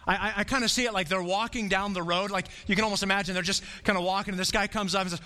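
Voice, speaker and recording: A man's voice: high voice, fairly even intonation, fast talker, pushed and bright, long reverb tail. A man preaching a sermon in a conversational way, acting out the quotes he reads. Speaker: pastor.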